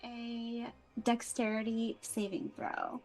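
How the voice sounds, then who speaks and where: A woman playing in a tabletop game, excitable and casual, swearing now and then. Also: on the high side, takes it slowly, creaky. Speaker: player.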